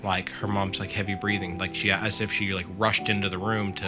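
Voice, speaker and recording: A man's voice: on the low side, level tone, brisk, over music. A man casually retelling a scary story on a podcast, full of fillers and quoting the teller. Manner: filler-heavy, lots of "like", quotes the storyteller.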